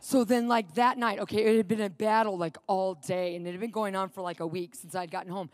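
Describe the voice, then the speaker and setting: A middle-aged woman preaching and telling a lively personal story, acting out the people in it. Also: medium pitch, fairly quick, no room sound. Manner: animated storytelling, acting out quotes.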